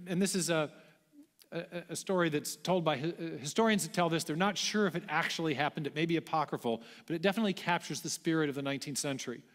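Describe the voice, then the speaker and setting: Man lecturing in a reverberant hall. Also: fairly high pitch. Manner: storytelling, with self-deprecating asides. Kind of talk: public lecture to a large audience.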